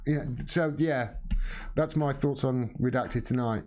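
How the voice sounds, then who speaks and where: A man's voice: medium pitch, a little slow, a little mellow. A man hosting a live stream, answering viewer questions in blunt, impassioned casual talk and swearing freely.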